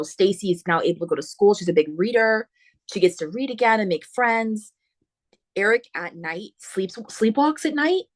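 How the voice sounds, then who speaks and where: A woman hosting a book podcast, retelling a horror novel's plot in a casual, animated way with slangy asides. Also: lowish voice. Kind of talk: casual spoiler book talk.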